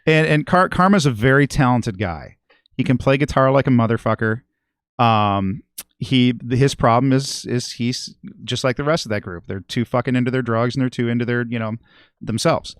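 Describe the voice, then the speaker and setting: A man's voice: mid-range voice, moderate pace, dry recording, clean studio sound. Foul-mouthed rambling storyteller man. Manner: profane, rambling, swears constantly. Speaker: guest musician and regular. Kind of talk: casual podcast storytelling.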